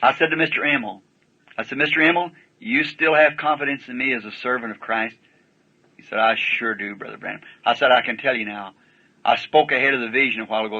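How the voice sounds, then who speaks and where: A man's voice: mid-range voice, gravelly, sharp tone, slightly rough. A man preaching, telling a story in a folksy, plain-spoken way with rustic grammar, on a dull lo-fi archival recording. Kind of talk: sermon storytelling.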